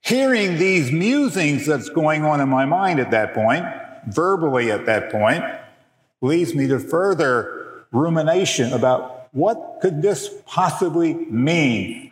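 A middle-aged man with a fairly high voice teaches a class, lingering on words with slow, deliberate emphasis. His voice rings through a large hall with a long, roomy reverb. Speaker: biblical counseling teacher. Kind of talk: teaching a workshop session with slides.

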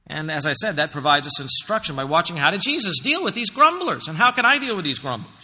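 A man's voice: a little high, very animated, fast, sharp tone, husky. A male pastor preaching a Bible-teaching sermon in a church, conversational and emphatic, often using rhetorical questions. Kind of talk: expository sermon. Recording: long hall reverb.

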